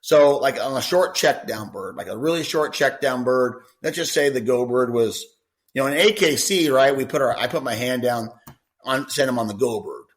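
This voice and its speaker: Male dog trainer guest on a podcast, talks loosely, repeats himself, mid-pitched everyday voice. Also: normal speed. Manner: rambling, repeats words, conversational. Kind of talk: podcast Q&A answer.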